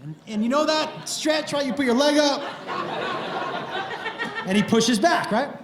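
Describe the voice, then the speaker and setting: A middle-aged man doing stand-up, telling crude stories in a playful, animated way with sudden loud outbursts. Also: very high-pitched, a little slow, crowd noise. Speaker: stand-up comedian. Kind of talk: stand-up storytelling. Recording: roomy echo with faint noise.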